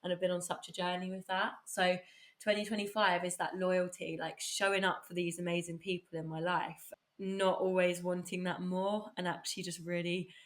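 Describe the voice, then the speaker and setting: A bubbly, enthusiastic woman hosts a casual podcast chat. Her voice sits a little low, and she laughs easily between her thoughts. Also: flat delivery, normal speed. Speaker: podcast host.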